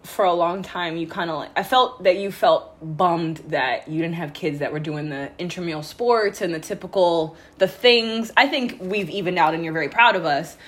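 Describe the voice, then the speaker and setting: A woman's voice: on the low side, moderate pace, hardly any pauses. A woman in her thirties chatting casually with her family, teasing, using lots of "like". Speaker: daughter, co-host. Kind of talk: casual family podcast chat.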